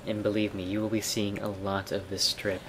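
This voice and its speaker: A man with a fairly low voice talks through a video game as he plays it. His commentary is relaxed, explanatory, and dotted with wry asides. Game sounds and gunfire are clearly heard under his voice. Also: fairly quick, noisy background. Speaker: let's play commentator. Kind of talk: casual gameplay commentary.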